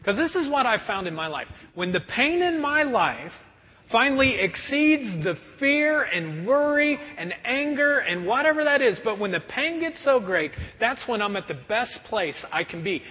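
A pastor preaching a sermon in a conversational, animated way. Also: male voice, high voice, normal speed. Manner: animated, conversational, acts out prayers. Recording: dull recording with long hall reverb.

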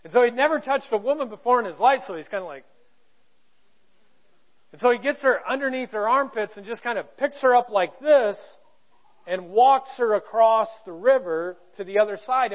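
A male pastor preaching a sermon to his church, telling a story with emphasis and sudden drops to a hush. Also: extremely high pitch, expressive, normal speed, dull audio. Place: church auditorium.

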